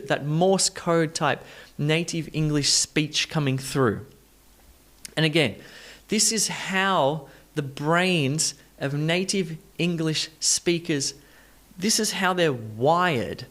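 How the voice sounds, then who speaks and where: A man teaching an online English pronunciation lesson, saying practice sentences slowly and repeating stressed words to the learner in an encouraging way. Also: on the high side, a bit bright. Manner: encouraging, talks straight to the learner.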